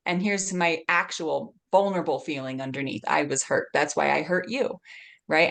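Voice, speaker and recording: A woman's voice: on the low side, expressive, normal speed, vocal fry, a bit bright. A woman in her forties, a guest speaker giving earnest parenting advice, often laughing and acting out short exchanges. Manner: earnest, laughs often, acts out little dialogues. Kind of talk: warm advice talk.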